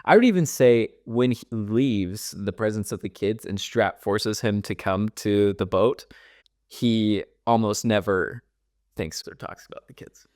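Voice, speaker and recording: A man co-hosting a casual podcast about a novel, speaking in a thoughtful, measured way. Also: fairly low pitch, darkish tone, no echo, studio quality. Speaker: podcast co-host. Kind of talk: casual book discussion.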